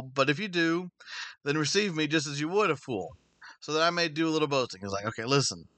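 An American Bible teacher with a mid-range, bright and forceful voice leads an informal, sermon-style Bible study. He's earnest and conversational, often restarting sentences and using filler words, and the recording is dry.

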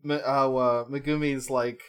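A man co-hosting a podcast in casual chat, animated, laughing often and swearing freely. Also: medium pitch, a little slow, smooth.

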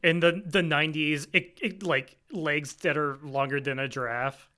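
A man's voice: a little high, steady tone, normal speed, sharp tone. A man co-hosting a casual anime recap, laughing often and acting out characters. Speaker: podcast co-host.

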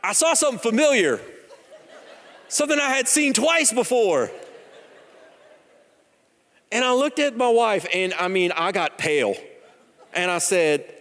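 Pastor in his thirties, high voice, casual storytelling sermon in a big echoing sanctuary. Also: sing-song, unhurried, long pauses, fairly bright tone. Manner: conversational, joking, storytelling. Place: church sanctuary. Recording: long hall reverb.

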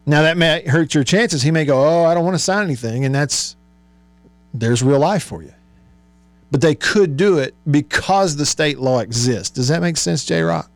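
A sports radio host reads listener texts aloud on his call-in show and muses over them chattily, with many fillers. His voice sits on the high side, he speaks a little slowly, and there's no room sound.

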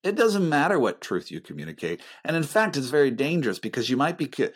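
Earnest pastoral man, soft-spoken. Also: medium pitch, big pitch swings, quick pace, breathy edge. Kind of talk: reflective faith conversation.

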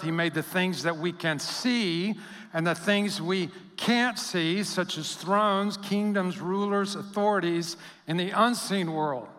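A male pastor with a high, bright voice delivers a sermon in a hall with a long echo. He tells stories with animated quoted voices, then drops to a soft hush to stress a point. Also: slow.

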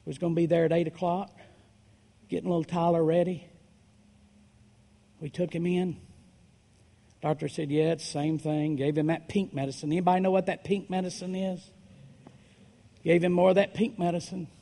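A man preaching a story-driven sermon, dropping to a hush and then rising to loud, dramatic swells. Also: fairly high pitch, level tone, normal speed, vocal fry, long pauses. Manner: dramatic, swings from hushed to shouting.

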